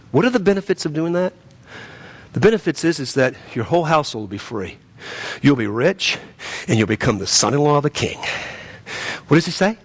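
A pastor preaching a sermon, swinging between loud emphatic peaks and quieter asides. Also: male voice, a little high, lively intonation, brisk, long pauses, breathy edge.

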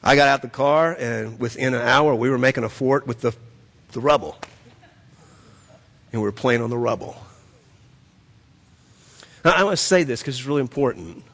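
A man's voice: mid-range voice, lively intonation, moderate pace, gravelly, long pauses, fairly bright tone. A man preaching a sermon, telling a story and repeating phrases as he builds to emphatic peaks. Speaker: pastor. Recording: long reverb of a hall.

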